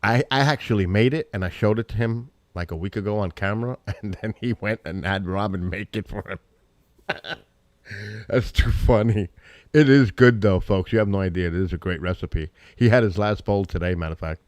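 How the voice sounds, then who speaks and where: A middle-aged man hosting a live stream, chatting casually and rambling between searches and loud exclamations. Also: fairly low pitch, moderate pace, dry recording. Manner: rambling, talks to chat and family, breaks into loud exclamations.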